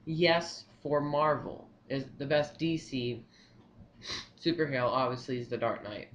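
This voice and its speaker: A young man giving his movie opinions in a casual vlog, rambling and excitable, repeating himself often. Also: medium pitch, measured pace, a little hiss or hum. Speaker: vlogger.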